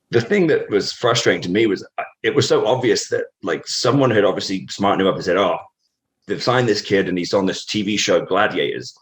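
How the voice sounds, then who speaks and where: A British man with a very low, deep voice tells a long story as a guest on an interview show. He talks in a loose, rambling way, circling back with fillers and restarts. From Britain.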